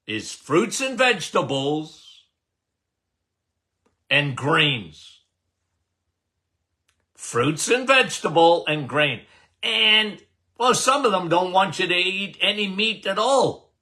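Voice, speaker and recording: Older guy doctor podcast host, highish bright voice, slow and punchy, keeps repeating stuff. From Canada. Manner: emphatic, repetitive, folksy, addresses listeners as guys. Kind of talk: casual health talk to listeners.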